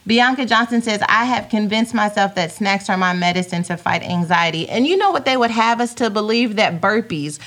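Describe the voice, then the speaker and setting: A woman's voice: medium pitch, fairly quick, hardly any pauses, fairly bright tone. A woman hosting a podcast from home, chatting casually and reading out viewer comments. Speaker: podcast host. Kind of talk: casual live-stream chat reading comments.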